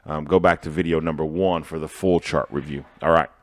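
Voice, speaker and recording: Deep-voiced upbeat American business coach. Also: male voice, steady tone, fairly quick. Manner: upbeat, motivational, talks to viewers directly. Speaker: food truck business coach. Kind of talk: presenting business tips over charts.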